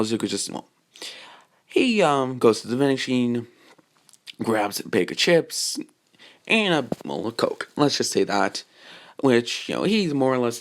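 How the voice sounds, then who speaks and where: Guy rambling thru a fan story, lots of um and you know, mid pitch. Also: creaky. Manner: rambling, full of fillers and asides. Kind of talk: improvised fan-fiction narration.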